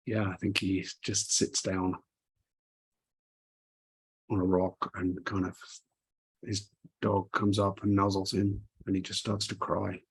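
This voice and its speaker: Deep, very husky man, halting narration. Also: completely flat delivery, poor audio. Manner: halting, repeats words as he goes. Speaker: player. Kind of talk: narrating a flashback in a tabletop game.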